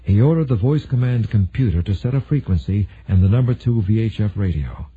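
A man reading a military thriller audiobook in a measured, steady way, with a husky voice. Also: fairly low pitch. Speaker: narrator. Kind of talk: scripted audiobook narration. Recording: narrow phone-like sound.

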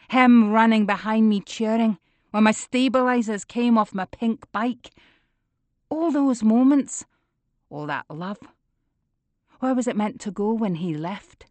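A woman's voice: mid-range voice, measured pace, long pauses, darkish tone, no room sound. A woman narrating a first-person audiobook, intense and emotional, building to anger.

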